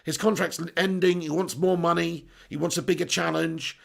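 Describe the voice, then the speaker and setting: A man hosting a live stream, chatting excitedly, laughing and bantering with mild swearing as he reads out viewer messages. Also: a little high, moderate pace, vocal fry.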